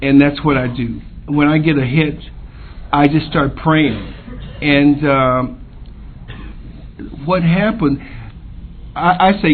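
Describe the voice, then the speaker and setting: Man, recovery share at a convention; unhurried, hesitant, fillers; lo-fi phone-like tape. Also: fairly high pitch. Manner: halting, many pauses and fillers. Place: convention meeting room. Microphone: podium microphone. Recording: tinny lo-fi tape with faint hiss.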